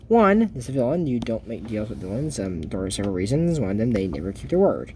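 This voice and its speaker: A man's voice: fairly low pitch, big pitch swings, fast, hardly any pauses, mellow, slight background noise. A man giving casual, rambling reaction commentary on a cartoon episode for his YouTube channel, laughing at his own jokes.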